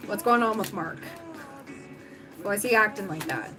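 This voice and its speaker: A woman's voice: medium pitch, moderate pace, rough recording. A woman giving a livestream tarot reading, talking casually and thinking aloud with lots of fillers. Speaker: tarot reader. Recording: music playing under the voice.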